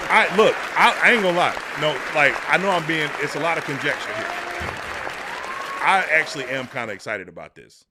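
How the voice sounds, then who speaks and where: A man co-hosting a casual sports podcast, teasing and excitable in a playful way. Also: a little high, normal speed, no room sound, studio quality, some chatter behind. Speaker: podcast co-host.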